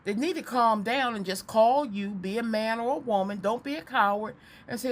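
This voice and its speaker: A woman doing a psychic card reading to camera. She talks in a chatty, animated way, often repeats words, and drifts into preaching. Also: fairly high pitch, moderate pace, few pauses, a little hiss or hum.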